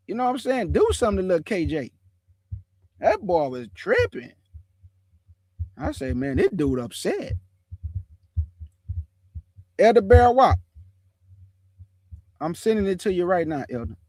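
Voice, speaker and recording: A man hosting an online show, chatting casually about scripture in relaxed slang and calling his viewers family. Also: sits high, no room sound. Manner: laughs often while telling stories. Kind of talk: casual livestream chat on scripture.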